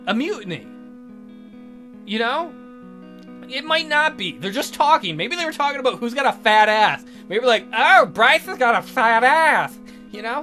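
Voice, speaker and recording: A man's voice: high voice, bright, forceful tone. A man hosting a let's play, reading a text game aloud and chatting casually, swearing and tripping over words.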